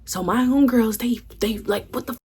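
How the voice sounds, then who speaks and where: A young woman vlogger shares a candid, casual storytime in a fairly quick, mellow voice on the high side. She swears freely and acts out what her friends said.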